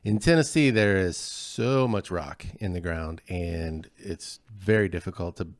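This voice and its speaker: Low-voiced man co-hosting a podcast. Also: measured pace, dry recording, clean studio sound. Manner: relaxed, explanatory and self-deprecating. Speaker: podcast co-host. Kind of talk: casual chat.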